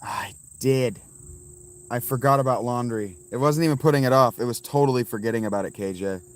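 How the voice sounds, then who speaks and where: A man's voice: mid-range voice, fast, clear, resonant tone. A man in his fifties hosting a casual livestream outdoors from his phone, chatting with viewers and rambling between thoughts. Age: 50s. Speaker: livestream host. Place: outdoors by a fountain.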